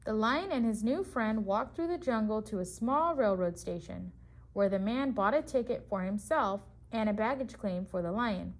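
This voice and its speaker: A woman's voice: a little high, lively intonation, normal speed, slight background noise. A woman reading a picture book aloud to preschool children as their teacher, stopping to ask them questions about the story.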